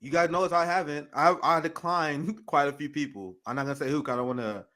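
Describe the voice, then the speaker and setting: A man hosting a livestream, reacting to a video clip with heated, profane, animated ranting. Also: fairly high pitch, fast talker. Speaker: political commentary host.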